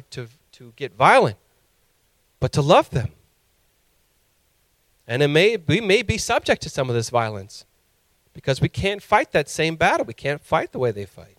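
A man's voice: fairly high pitch, very animated, moderate pace, long pauses, fairly bright tone, no echo. A male pastor preaching a sermon with impassioned emphasis that rises to emphatic peaks.

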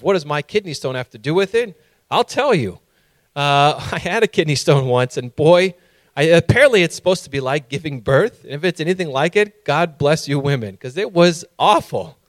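A male preacher with a fairly high voice delivers a sermon, moving between scripture reading and a lively personal story. He acts out his own past lines loudly, and the sound is close and dry. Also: no echo.

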